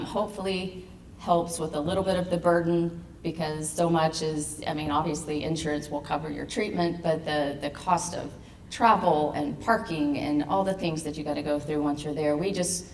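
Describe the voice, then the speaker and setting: Casting: woman with a very low voice, earnest welcoming speaker, distant mic with faint noise. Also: fairly even intonation, moderate pace. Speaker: patient advocacy representative. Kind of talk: speech at an education event. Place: event venue. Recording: echoey room from a distant mic.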